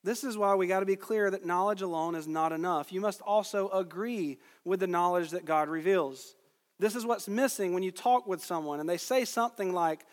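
A man's voice: sits high, normal speed, in a large hall. A man preaching a sermon, reading scripture aloud and stressing key phrases with emphasis.

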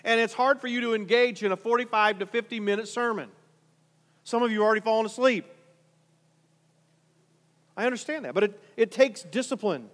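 A man's voice: high-pitched, fairly quick, long pauses, fairly bright tone, long reverb tail. A male pastor preaching a conversational sermon, full of rhetorical questions and repeated restarts.

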